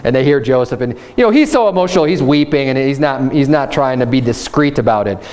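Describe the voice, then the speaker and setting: A man's voice: mid-range voice, animated, a little fast, a little mellow. A man preaching a sermon in a loose, conversational way, often restarting his sentences. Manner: conversational Bible teaching with frequent restarts and "you know". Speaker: pastor.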